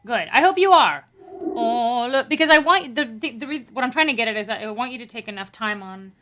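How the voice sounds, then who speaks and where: A woman with a bright, fairly high voice coaches a singer in a masterclass. She is encouraging and lively, and she demonstrates French phrases aloud as she gives notes. Her tone is clear and forward. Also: fast talker. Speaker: voice teacher giving a masterclass.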